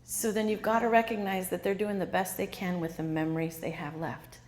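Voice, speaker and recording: A woman's voice: on the low side, level tone, fairly quick, a little mellow, big-room sound, a little hiss or hum. A woman author giving an interactive talk to a live audience, quizzing the listeners and repeating their answers back. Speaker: author and speaker.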